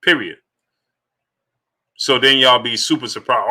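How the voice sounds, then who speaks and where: A man's voice: medium pitch, moderate pace, pauses often, sharp tone. A man hosting a live sports stream in a casual, emphatic way, repeating his points and greeting viewers in the chat one by one.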